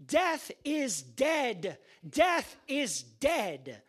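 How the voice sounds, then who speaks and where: A man voicing a man raised from the dead, who speaks slowly and triumphantly, amused by threats. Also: very high voice, wildly swooping pitch, fairly bright tone, voice pushed up, exaggerated voice.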